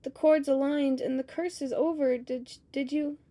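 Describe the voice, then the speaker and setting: A woman voicing an eager young girl who speaks urgently and quickly, in a storybook reading. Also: sits high, fairly even intonation, warm tone, natural voice.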